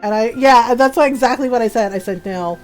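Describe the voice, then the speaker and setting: Higher-pitched gal streaming a game, laughs a lot, faint music behind. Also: female voice, quick pace. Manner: chatty storyteller, laughs often, acts out quotes. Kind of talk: casual live-stream chat while gaming.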